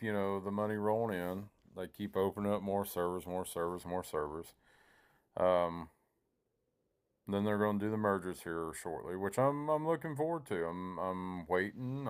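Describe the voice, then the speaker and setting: A man's voice: fairly low pitch, clean tone. A man giving casual, rambling commentary over his own gameplay, often breaking off mid-sentence to replay his own panicked thoughts. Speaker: gaming YouTuber.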